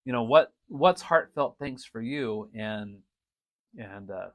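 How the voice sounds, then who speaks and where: A middle-aged man hosting a podcast, telling a story in a casual, animated way, laughing often and restarting his sentences. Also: mid-range voice, slow pace, no room sound. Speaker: podcast host and drum teacher.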